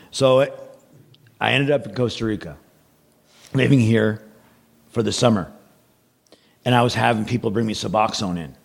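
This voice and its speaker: A man's voice: lowish voice, moderate pace, gravelly, long pauses. A man guest on a podcast, telling a long personal story in a rambling, casual way, repeating words and acting out what others said.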